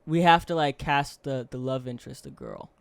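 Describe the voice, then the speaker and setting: A man's voice: mid-range voice, huge pitch swings, normal speed, gravelly, clear, resonant tone, dry recording. A young man co-hosting a podcast, chatting casually with lots of swearing, fillers and laughter. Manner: loose, profane, laughs often, many fillers. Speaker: podcast co-host. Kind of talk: casual chat.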